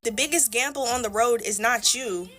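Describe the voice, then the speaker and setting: Bright, blunt young woman chatting while doing makeup. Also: on the high side, moderate pace. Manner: blunt, animated, swings into loud squealing bits. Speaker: beauty vlogger. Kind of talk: casual chatty get-ready-with-me talk.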